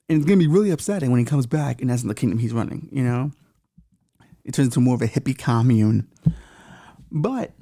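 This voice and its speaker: A man's voice: medium pitch, vocal fry, warm tone. A man co-hosting a podcast, reading news aloud in a casual, irreverent way, with profane jokes and stumbles over unfamiliar names. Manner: irreverent, joking asides with profanity. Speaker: podcast co-host.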